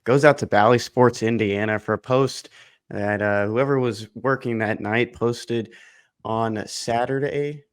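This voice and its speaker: A low-key man on a sports podcast, with a voice of middling pitch. He reads out a segment full of statistics in a measured, even way. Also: clean tone. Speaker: podcast co-host. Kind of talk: reading out a segment.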